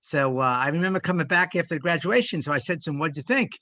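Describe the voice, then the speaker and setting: An older man reflecting in a church group discussion, speaking in a halting, heartfelt way with many pauses. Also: a little high, sharp tone, dry recording. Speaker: discussion participant.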